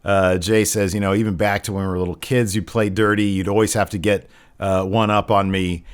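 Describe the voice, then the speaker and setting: A man's voice: lowish voice, level tone, brisk, clean tone. A man co-hosting a casual wrestling review show, retelling a segment at length with lots of "uh" fillers. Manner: recaps at length with many fillers. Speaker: podcast co-host.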